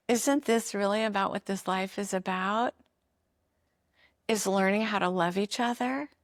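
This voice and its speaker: Woman podcast host, earnest and encouraging, unhurried delivery, dry close sound. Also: mid-range voice, no echo. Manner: earnest, encouraging, speaks directly to listeners. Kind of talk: motivational talk on emotions.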